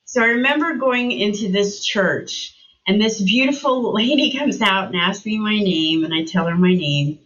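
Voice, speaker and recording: A middle-aged woman, a guest in an interview, telling a personal story and acting out remembered dialogue with animated shifts in her voice. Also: medium pitch, normal speed, lo-fi sound.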